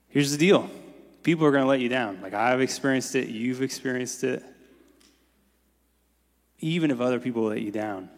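A man preaching a sermon as pastor in a casual, conversational way, often saying "like". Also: mid-range voice. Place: church sanctuary. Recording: long reverb in a large hall.

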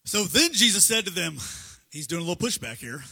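Bright, husky-voiced man preaching in a hall. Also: high voice, very animated, a little fast. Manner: casual, conversational, acts out dialogue. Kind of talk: sermon with slides.

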